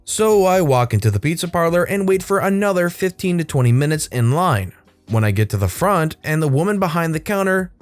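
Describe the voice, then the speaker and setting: A man narrating a Reddit story for his channel in a fairly high voice. He reads with animation and changes voice for the people he quotes. The sound is dry and close, with faint music underneath. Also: no room sound.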